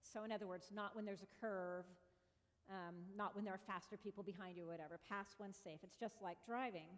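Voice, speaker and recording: A woman's voice: medium pitch, fairly even intonation, fairly quick. A woman pastor giving a conversational storytelling sermon who acts out her own exclamations. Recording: long reverb of a church hall.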